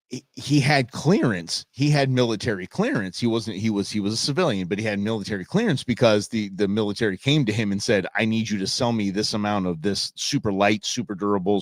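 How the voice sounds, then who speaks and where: With a lowish voice and no echo in the recording, a man hosts a live show, chatting casually with viewers and laughing often as he reacts to what they say.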